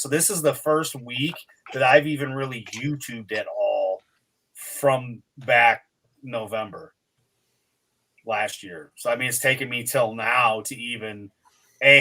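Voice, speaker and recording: A man's voice: mid-range voice, bright, forceful tone. A man in his forties, a co-host, chatting casually and rambling with fillers, still tired while recovering. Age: 40s. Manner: rambling, full of fillers and restarts. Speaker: podcast co-host. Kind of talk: casual chat.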